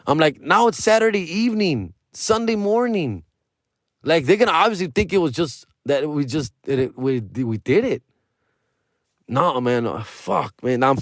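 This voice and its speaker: A man's voice: medium pitch, no echo, studio quality. A young adult man, a comedian and podcast host, telling a comic story with lots of swearing and acting out both sides of the conversations. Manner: animated, profane, acts out both sides of conversations.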